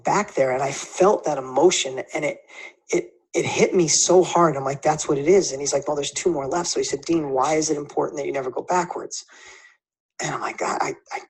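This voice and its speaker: A man telling an emotional motivational story in an earnest, fast manner, restarting phrases as he goes. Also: on the high side, husky.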